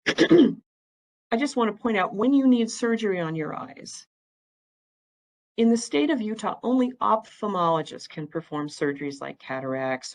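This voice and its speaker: A woman's voice: fairly low pitch, vocal fry, poor audio. A woman, giving a plain-spoken, chatty educational talk about eye care as an ophthalmic imager. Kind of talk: informal educational presentation with slides.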